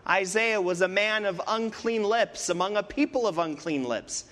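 Animated male pastor in a reverberant church. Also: high voice. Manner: dramatic preaching with rhetorical questions and pauses. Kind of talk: sermon. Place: church sanctuary. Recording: long reverb of a church hall.

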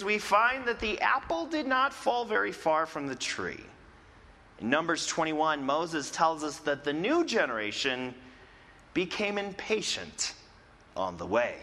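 A man preaching a sermon with an expressive delivery and dramatic drops in pitch. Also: long reverb tail. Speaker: pastor.

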